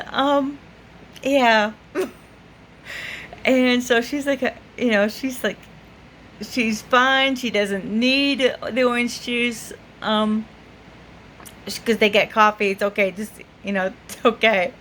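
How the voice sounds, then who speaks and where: A woman's voice: on the high side, slow, pauses often, fairly bright tone, slight background noise. A woman vlogger telling a story to the camera in a casual way, laughing often and full of fillers. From United States.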